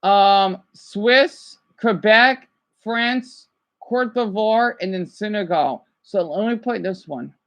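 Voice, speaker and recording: A woman's voice: medium pitch, slow pace, a bit bright. Chatty woman vlogger, dull lo-fi audio. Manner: chatty, repeats herself, sounds out foreign words. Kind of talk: casual chat while watching a video.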